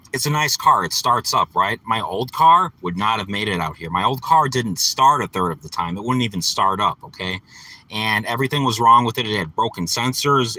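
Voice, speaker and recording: A man's voice: fairly low pitch, pushed and bright, rough recording. A man ranting angrily and profanely into his phone while sitting in his parked car. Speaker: vlogger.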